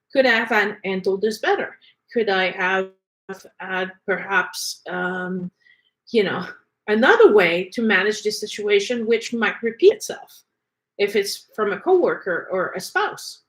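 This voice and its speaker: A woman's voice: medium pitch, fairly bright tone, low-quality recording. A woman teaching energy work in a casual, conversational way, often asking rhetorical questions. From Canada.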